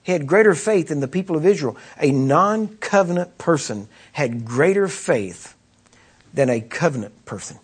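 A man with a somewhat raised pitch and a husky, breathy edge preaches a sermon. He talks to the congregation as if in conversation, pressing his points with rhetorical questions and repeated phrases. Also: animated, moderate pace. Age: adult with children.

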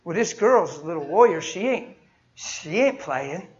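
A man's voice: sits high, lively intonation, a little slow. A male preacher giving a sermon in a folksy storytelling way, acting out everyday conversations. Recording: dull lo-fi recording.

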